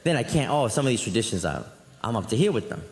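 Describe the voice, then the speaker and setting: A man doing a stand-up routine, rambling and animated through his stories with frequent asides. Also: mid-range voice, fast, background noise. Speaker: stand-up comedian. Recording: echoey live hall, faint crowd.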